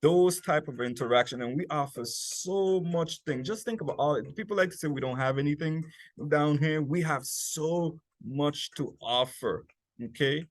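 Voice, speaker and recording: A man with a US Virgin Islands accent giving a customer service workshop talk, chatty and lively, often checking in with "okay?" and "right?". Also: a little high, normal speed, no echo. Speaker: workshop speaker, private chef.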